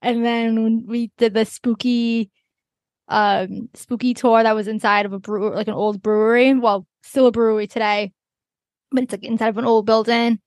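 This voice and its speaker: Woman co-host, slightly high voice, easygoing chat, dry sound. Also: steady tone, moderate pace, dry recording. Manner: responsive listener, laughs easily. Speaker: podcast co-host. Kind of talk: casual chat.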